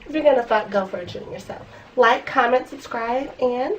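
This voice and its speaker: A woman's voice: fairly high pitch, normal speed, a little hiss or hum. Young woman vlogging in her room, cussing a lot, talking slangy, mic a little off. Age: young adult. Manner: blunt, profane, slangy storytelling. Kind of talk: casual storytime vlog. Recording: voice a bit far from the mic.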